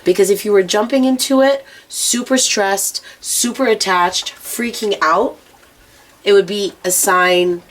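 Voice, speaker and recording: A woman's voice: medium pitch, fairly even intonation, measured pace. Frank, profane woman giving an oracle reading. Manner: frank and profane, speaking straight to the viewer. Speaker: oracle and rune reader. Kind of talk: intuitive reading to the viewer. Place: outdoors near planes and traffic.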